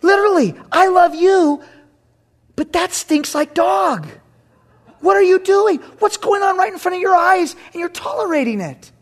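A man voicing an exasperated divine figure who loudly scolds a believer while insisting on his love. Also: very high-pitched, lively intonation, moderate pace, pitched above the performer's own voice. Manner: loud, pleading, incredulous questions.

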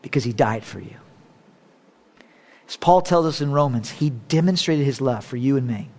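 A pastor preaching a sermon. He jokes a little, then moves from loud, high exhortation to hushed, low prayer. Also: expressive, normal speed. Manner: joking asides with laughter. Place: church service.

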